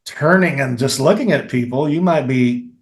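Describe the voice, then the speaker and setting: A middle-aged man with a Kentucky accent, a filmmaker and acting teacher, explaining his methods in a lively, demonstrative way as an interview guest. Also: medium pitch, normal speed. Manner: animated, explains with demonstrations and repeated phrases. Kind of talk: conversational interview.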